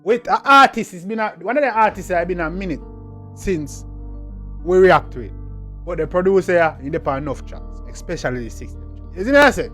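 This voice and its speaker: A young Jamaican-accented man chats loosely through a music reaction, his voice bouncing high and low with lively energy. He sits a bit higher than most men and keeps dropping patois refrains. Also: brisk. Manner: animated patois banter, "you see me" refrains. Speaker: reaction channel host.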